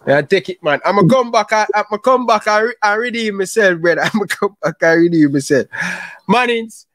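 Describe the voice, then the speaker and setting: Jamaican man hosting, high and dry. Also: lively intonation, a little fast, a bit bright, no room sound. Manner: apologetic, laughing often, repeats "brother". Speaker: football talk show host. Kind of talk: casual argumentative chat.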